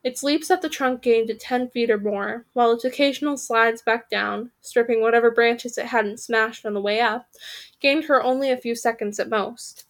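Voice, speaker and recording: Woman, higher voice, read-aloud storytelling, corrects own slips. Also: steady tone, moderate pace. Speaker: storyteller reading a book aloud.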